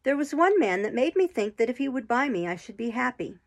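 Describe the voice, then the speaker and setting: A woman reading a classic novel aloud in slow, measured storybook narration. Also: on the high side, sing-song, creaky. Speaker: audiobook reader.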